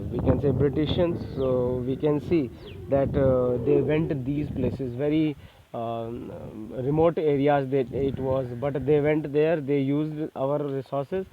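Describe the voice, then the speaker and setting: A man with an Indian English accent giving a classroom lecture, pausing often with fillers and stressing points for exams. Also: medium pitch, noisy background. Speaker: teacher. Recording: tinny phone-like sound.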